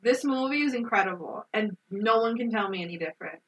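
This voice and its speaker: A woman's voice: mid-range voice, lively intonation, fast, a bit bright, distant mic, low-quality recording. A woman co-hosting a podcast, retelling a film in an emphatic, profane and emotional way. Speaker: podcast co-host. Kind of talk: casual movie review chat.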